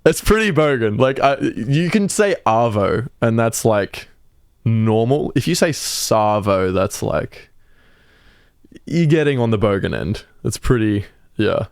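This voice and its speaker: A man's voice: on the low side, expressive, slow pace, creaky, darkish tone, clear, resonant tone, dry recording, clean studio sound. A young Australian man with an Australian accent, co-hosting a podcast in casual chat and explaining slang with easy laughs. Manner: laid-back, laughs often, explains slang. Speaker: podcast co-host.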